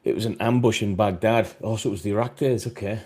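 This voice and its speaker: A man's voice: lowish voice, steady tone, quick pace, darkish tone, slightly rough. A man with a British accent hosting a live podcast stream, talking in a hesitant, easygoing way full of fillers. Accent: British English. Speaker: podcast host reading chat. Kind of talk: casual live-stream chat.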